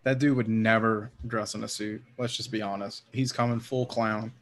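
A man's voice: lowish voice, steady tone, moderate pace. A man from New Orleans co-hosting a casual sports podcast, laughing often and swearing freely. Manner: laughing, loose and profane. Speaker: podcast co-host. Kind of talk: casual chat.

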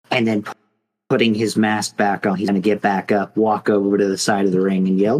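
Poorly recorded, this podcast co-host speaks fairly quickly in a lowish, slightly mellow voice with a level tone. He recounts a mock fight in a loose, meandering way, leaning heavily on filler words.

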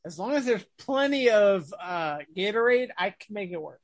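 Podcast host, playful and laughing, animated pitch, dry close mic. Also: moderate pace, dry recording. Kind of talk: casual chat.

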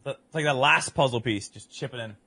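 A man's voice: mid-range voice, fairly quick, breathy edge. A man in his thirties with a mixed English, Northern Irish and American accent, telling stories in a casual chat, laughing and swearing often. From Northern Ireland and England, raised abroad. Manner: laughing, swearing, animated storyteller. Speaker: podcast guest.

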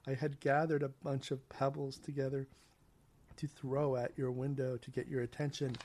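A man reading the part of an obsessive young stalker in a low, brooding, deliberate way. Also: darkish tone, slight background noise, close to an everyday voice.

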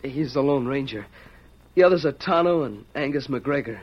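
A man's voice: medium pitch, expressive, moderate pace, husky. An actor playing an earnest young male captive, urgent and eager, in 1940s radio acting style. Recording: dull hissy old radio recording.

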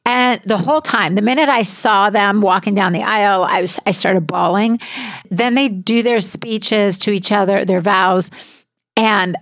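Woman podcast co-host, mid pitch, gushing and emphatic, dry close mic. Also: unhurried, fairly bright tone, no echo. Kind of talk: casual chat.

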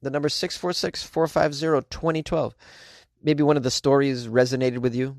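A man's voice: medium pitch, normal speed, no room sound, studio quality. A man hosting a comedy news podcast, chatting casually with slangy asides and frequent laughs.

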